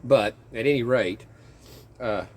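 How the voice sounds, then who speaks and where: A man casually chatting in his garden outdoors, rambling and chuckling as he talks, with a relaxed, self-interrupting way of speaking. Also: medium pitch, slow. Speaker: vlogger and home gardener.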